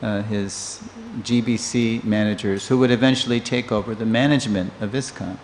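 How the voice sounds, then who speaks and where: A man in his sixties giving a storytelling scripture class in a temple, a lively teller who acts out the people he quotes. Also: lowish voice, normal speed. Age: 60s. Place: temple hall. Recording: long reverb of a hall, faint noise.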